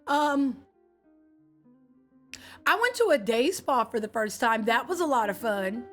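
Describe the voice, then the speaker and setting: Young woman streamer, high voice, casual slangy chat, faint music underneath. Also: a little slow. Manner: animated, slangy, talks to chat by name.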